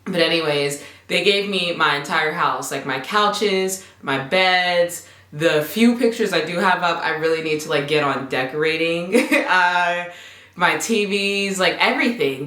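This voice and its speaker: A young woman telling a casual storytime vlog, chatty and animated, acting out the lines of the people in her story. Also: fairly low pitch. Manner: animated, chatty, acts out quoted dialogue. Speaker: vlogger. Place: home apartment. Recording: echoey room.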